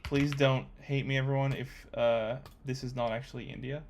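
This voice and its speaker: A young man talking to himself while coding, thinking aloud with excitable, chatty commentary. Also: mid-range voice, moderate pace, a little hiss or hum. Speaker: coding vlogger. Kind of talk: casual screen-recorded coding commentary.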